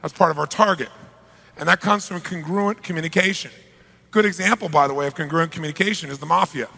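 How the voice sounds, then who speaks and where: Gravelly, bright-voiced seminar speaker in a hall. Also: male voice, fairly high pitch, fast talker. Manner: energetic, asks the audience questions. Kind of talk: live seminar talk. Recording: live hall reverb.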